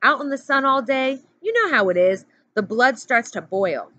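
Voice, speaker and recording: A woman voicing a smooth-talking, persuasive teenage boy who leads a group, in a storybook read-aloud with a slightly raised pitch and a dull sound. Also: animated, moderate pace, fairly bright tone. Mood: smoothing over. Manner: glib, persuasive.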